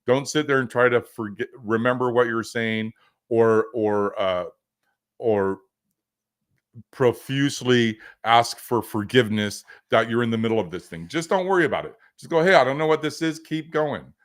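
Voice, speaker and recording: A man hosting a livestream as a business coach, teaching in a casual, rambling way with many fillers and joking asides. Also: mid-range voice.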